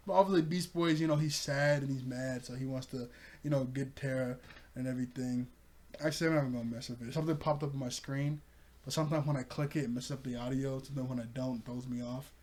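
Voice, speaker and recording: A man's voice: mid-range voice, fairly even intonation, fast talker, darkish tone. A young man casually recapping and reviewing a cartoon episode, chatty, laughing often and acting out quoted lines.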